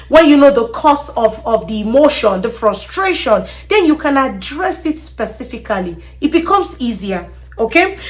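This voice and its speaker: A woman hosting a parenting talk, speaking earnestly, often repeating words and checking in with "okay?" as she explains. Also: high-pitched. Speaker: podcast host.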